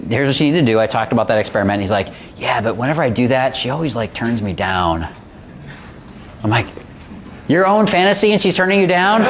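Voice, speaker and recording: A man's voice: mid-range voice, slight background noise. A man coaching a room through a guided visualization, blunt and casual, acting out inner voices as he goes. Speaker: dating coach. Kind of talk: guided visualization seminar talk.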